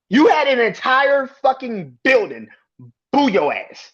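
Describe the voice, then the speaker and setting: A man's voice: very high voice, wildly swooping pitch, slow, a bit bright, husky. A man hosting a podcast, ranting with heavy profanity and exasperated repetition. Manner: profane, exasperated, repeats himself. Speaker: podcast host. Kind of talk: heated wrestling rant. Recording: dull lo-fi recording.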